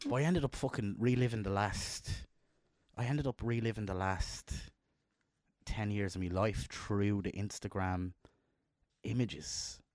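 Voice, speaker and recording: A man's voice: a little slow, darkish tone, no room sound. A middle-aged man co-hosting a podcast, talking in a heartfelt, emotional way about his kids. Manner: emotional, heartfelt, jumps up in pitch when quoting himself. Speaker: podcast co-host. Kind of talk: casual chat.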